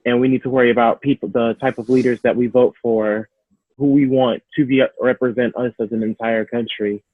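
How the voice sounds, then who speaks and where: A man's voice: mid-range voice, steady tone, a little fast, no echo, narrow, tinny audio. A teenage boy speaking thoughtfully and earnestly as a guest in a discussion. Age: teens. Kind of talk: casual discussion.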